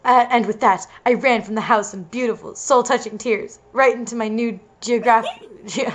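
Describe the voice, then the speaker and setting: A woman's voice: fairly high pitch, fairly even intonation, normal speed. A young adult woman co-hosting and theatrically reading fiction aloud for laughs. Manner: giggly, theatrical. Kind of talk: comedic dramatic reading.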